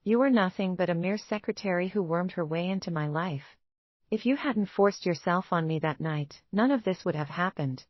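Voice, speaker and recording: A man's voice: high-pitched, moderate pace, dry recording, highs cut off, natural voice. A woman reading the part of a cold, angry young male executive who scolds his wife harshly. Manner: harsh, scornful, commanding.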